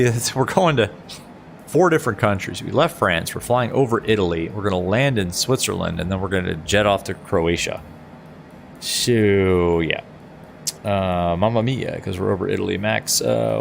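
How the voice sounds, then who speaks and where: Gravelly low-voiced streamer guy. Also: slight background noise. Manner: chatty, laughs often, answers chat. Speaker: flight sim streamer. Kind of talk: casual live-stream chat.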